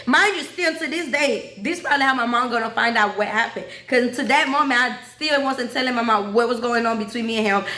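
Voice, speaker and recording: A woman's voice: sits high, bright, forceful tone, reverberant. A young woman, telling her own story to the camera in a blunt, profane way and calling her viewers y'all.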